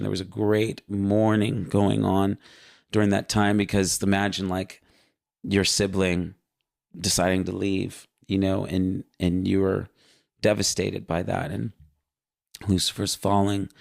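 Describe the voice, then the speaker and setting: Earnest man with a gravelly low voice. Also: no echo, clean studio sound. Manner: earnest, vivid storytelling with fillers. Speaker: guest recounting a vision. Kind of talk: casual spoken testimony.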